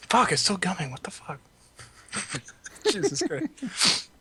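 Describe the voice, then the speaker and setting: A man's voice: high-pitched, sing-song, slow pace, long pauses, bright, forceful tone, slight background noise. Man swearing through improvised role-play. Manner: swears freely and slips into in-character quotes. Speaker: tabletop game player.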